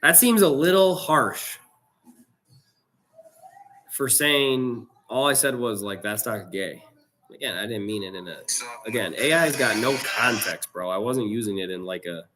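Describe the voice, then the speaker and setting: A man with a fairly low voice hosts a live trading stream. He talks loosely and casually in slang, reacting to his viewers as he goes. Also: expressive, unhurried, long pauses, pushed and bright. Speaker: livestream trading host. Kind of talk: casual livestream chat to viewers.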